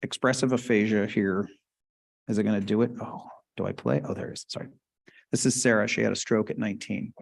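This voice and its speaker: A man's voice: lowish voice, fairly even intonation, a little fast, vocal fry. A man giving a conversational clinical lecture at a conference, often checking in with the audience. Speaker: conference lecturer on stroke speech therapy.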